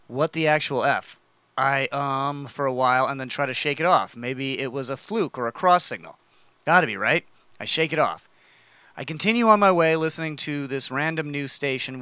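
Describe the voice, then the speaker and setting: Brief: male co-host, bright crisp voice, dry close-miked sound, reads a story aloud. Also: on the high side, no room sound. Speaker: podcast co-host. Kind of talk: casual chat, reading a story aloud.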